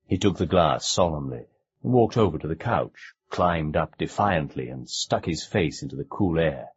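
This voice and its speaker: A man narrating an audiobook with measured, expressive storytelling. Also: very deep voice, husky. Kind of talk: scripted narration. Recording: dull lo-fi cassette recording.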